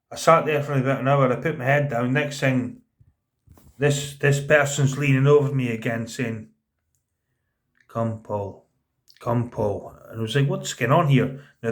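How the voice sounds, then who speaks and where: A man tells a personal story on a vlog. He speaks earnestly, stumbles and repeats words, and often drops to a quieter voice when quoting people. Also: mid-range voice, fairly even intonation, moderate pace. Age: 30s. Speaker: vlogger telling a personal story. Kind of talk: casual spoken storytelling.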